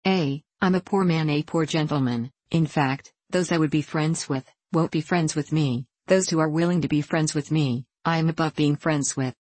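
A woman's voice: low-pitched, moderate pace, few pauses, a little mellow, no echo. A woman reading the part of a talkative, proud elderly male vicar in a rambling, self-amused way. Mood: genial.

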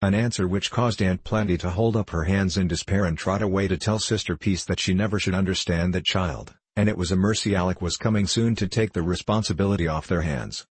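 A man reading a novel aloud as an audiobook narrator, in a calm, measured way. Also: low voice, slightly rough, no echo. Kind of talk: scripted narration.

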